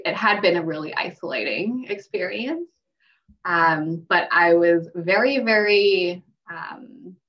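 Over a dull, distant remote-call connection with slight hiss or hum, a young woman speaks in a fairly low, slightly bright voice. A mental health clinician, she shares her story as a podcast guest in casual conversation, laughing often and using many fillers.

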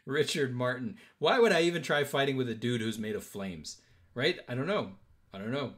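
A man's voice: medium pitch, expressive, moderate pace, fairly bright tone. A man hosting a live-stream auction, joking with bidders and counting down bids. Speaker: auction host.

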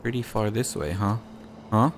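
A man's voice: lowish voice, moderate pace, slight background noise. A man hosting a let's play, commenting on the game in a playful, jokey way and talking back to the characters. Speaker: gaming channel host.

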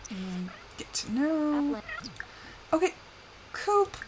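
A woman's voice: high voice, sing-song, drawn-out words, slight background noise. A young woman streaming a life-simulation game, chatting casually, laughing often and talking to the characters on screen. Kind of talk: casual live-stream commentary.

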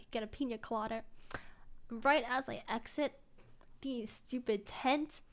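Animated young woman telling a story. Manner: animated, acts out quotes in higher voice, laughs often. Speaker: streamer. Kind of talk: casual storytelling.

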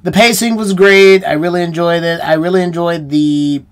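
Chatty, higher-voiced American man musing aloud. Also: steady tone, moderate pace, clear, resonant tone. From United States. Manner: musing, rambling, self-questioning. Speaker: reaction channel host. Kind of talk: casual solo review chat.

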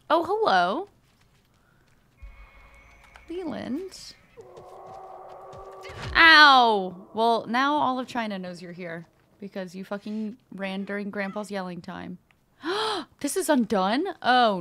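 A woman giving playful, excitable gameplay commentary, swearing freely and shrieking at the game. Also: medium pitch, takes it slowly, long pauses. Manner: playful sing-song greetings to other players. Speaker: gaming video creator.

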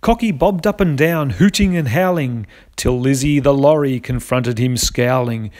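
A man's voice: mid-range voice, measured pace, darkish tone. A man narrating a rhyming children's storybook in a lilting, rhythmic way. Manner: lilting, rhythmic rhyme reading.

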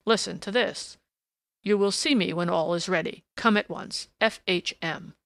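A woman's voice: on the low side, moderate pace, vocal fry, a bit bright, dry recording. A woman reading the part of a stubborn, blustering male police inspector, bitter and pushy, in an audiobook. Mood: triumphant.

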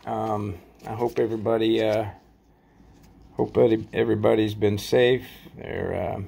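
A man casually rambling through a show-and-tell vlog about his collection, halting often with fillers and folksy sign-offs. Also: on the low side, little pitch movement, gravelly, mellow, slightly rough. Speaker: coin collecting vlogger.

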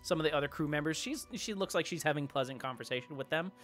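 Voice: medium pitch, fast, a bit bright, faint music behind. A game master narrating a tabletop game in a rambling way, with many fillers and restarts.

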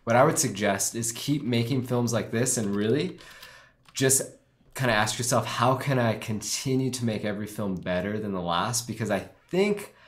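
A man's voice: medium pitch, normal speed. A man co-hosting a live stream, casually critiquing a wedding film and thinking aloud with many fillers. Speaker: wedding filmmaker co-host reviewing films.

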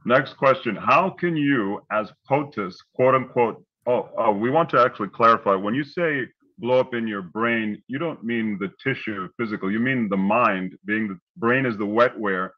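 A man reading out questions to a host in a measured, careful way. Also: medium pitch, highs cut off. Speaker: question reader.

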